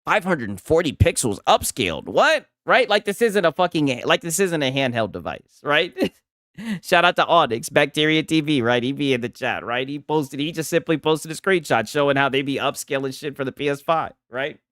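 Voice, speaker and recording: Brief: male streamer, profane, mocking reaction talk, animated swings in pitch, dry close sound. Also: moderate pace, no echo. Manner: profane, mocking, keeps asking "right?". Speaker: gaming commentary streamer. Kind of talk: casual reaction commentary.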